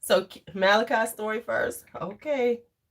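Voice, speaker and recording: Husky woman rambling on a livestream. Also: fairly high pitch, normal speed, fairly bright tone. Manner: rambling, laughs often, chats with viewers. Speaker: livestream host. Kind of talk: casual livestream chat.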